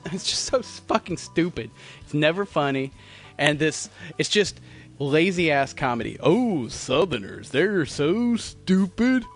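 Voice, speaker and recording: Man, podcast host, heated rant, cursing, mid-pitched voice. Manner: profane, heated, swings into loud mocking voices. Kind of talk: casual opinionated rant. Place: Myrtle Beach, South Carolina.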